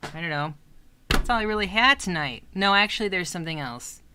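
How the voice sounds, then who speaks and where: A woman's voice: fairly low pitch, animated, fairly quick, background noise. A woman hosting a casual livestream, chatting in a rambling, hesitant way with many restarts. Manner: coos softly when talking to her cat. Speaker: livestream host.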